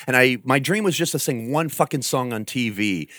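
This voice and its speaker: A man from New England tells a long story in a loose, profane and animated way, with his pitch swinging up and down. He often slips into loud impressions. The sound is dry and close. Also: moderate pace, no echo. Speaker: guest. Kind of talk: casual storytelling.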